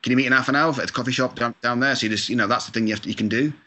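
Chatty Scottish-born man, quick and bright. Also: mid-range voice, steady tone. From Scotland. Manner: chatty, self-deprecating, mild swearing, many fillers. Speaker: video game composer, guest. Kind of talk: casual interview chat. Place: lives in California.

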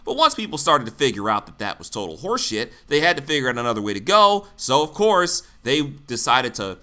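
A man's voice: medium pitch, sing-song, fairly quick, sharp tone. A man from the United States giving blunt, sarcastic political commentary, swearing freely. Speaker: commentary host.

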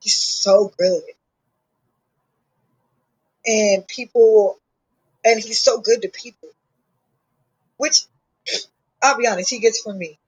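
Husky-voiced woman in heartfelt chat. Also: medium pitch, takes it slowly, long pauses, poor audio. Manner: heartfelt and open, talking at length about her son. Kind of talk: casual chat.

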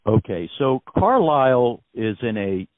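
A man's voice: mid-range voice, big pitch swings, a little slow, no room sound. An American man, a musician, talking in a phone interview in an effusive, gracious way with many fillers. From United States. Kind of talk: phone interview, casual storytelling. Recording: tinny phone line.

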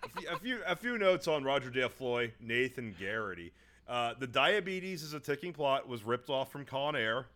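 Sarcastic bright-voiced man on a podcast. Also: mid-range voice, normal speed. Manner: sarcastic, profane, deadpan jabs. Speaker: podcast co-host. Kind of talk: casual comedic movie chat.

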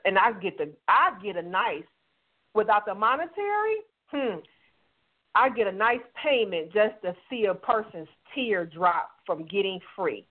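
A woman's voice: mid-range voice, lively intonation, normal speed. A woman guest author sharing candid personal testimony in an emphatic, heartfelt way over the phone. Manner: emphatic and heartfelt, quotes dialogue. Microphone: telephone call-in. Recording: tinny phone line.

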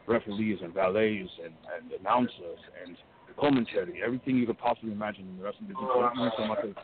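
Fast-talking man on a phone line. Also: fairly low pitch. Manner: earnest, measured storytelling. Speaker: guest wrestler and coach. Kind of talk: phone-in interview. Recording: tinny phone line with hiss.

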